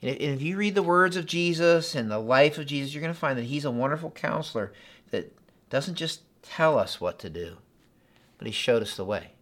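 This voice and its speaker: A man, a pastor preaching a sermon in a conversational, animated way with frequent asides and repetitions. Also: on the high side, a little fast.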